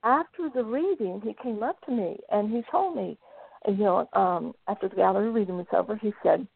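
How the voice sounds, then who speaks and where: A woman's voice: mid-range voice, brisk, vocal fry, slightly rough, dry recording. A woman who works as a psychic medium, telling stories in a chatty way as a guest on a talk show. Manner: chatty storyteller, quotes spirits and clients. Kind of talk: casual phone interview. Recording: tinny dry phone line.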